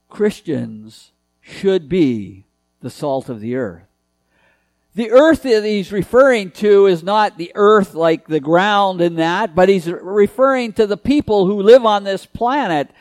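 A man's voice: high voice, very animated, unhurried, no room sound, faint music behind. A man preaching a sermon in an earnest, emphatic way, repeating key phrases.

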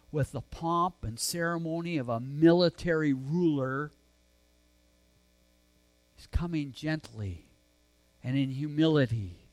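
A man preaching a sermon, earnest and conversational, swinging between emphatic lines and soft, hushed ones. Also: a little high, no echo. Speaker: pastor.

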